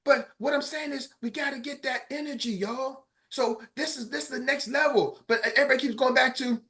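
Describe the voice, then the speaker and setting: Fired-up coach man, bright high voice. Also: fairly even intonation, a little fast, hardly any pauses. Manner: fired-up, preachy, calls out to the group. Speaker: sales coach. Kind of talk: motivational team call.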